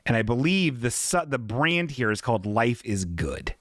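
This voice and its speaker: A man's voice: mid-range voice, big pitch swings, normal speed, a bit bright, no echo, clean studio sound. A man hosting a live podcast, reading out chat messages in a loose, jokey way, swearing freely and slipping into silly voices for the people he quotes. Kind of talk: casual live-stream chat.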